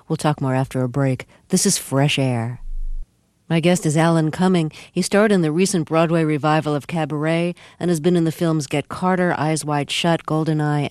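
A woman hosting a radio interview, asking measured, gently prompting questions. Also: low-pitched, dry recording.

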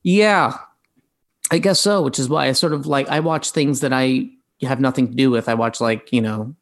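Gravelly-voiced man, rambling interview talk. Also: medium pitch, moderate pace. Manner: rambling, many fillers and restarts. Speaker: actor guest.

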